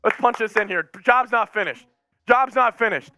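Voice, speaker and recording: A very high-voiced man yells and rambles through a live fan stream, calling plays as they happen. His voice is bright and cutting, close and dry, with music under it. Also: moderate pace, dry recording. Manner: hyped, yelling, rambling play-by-play.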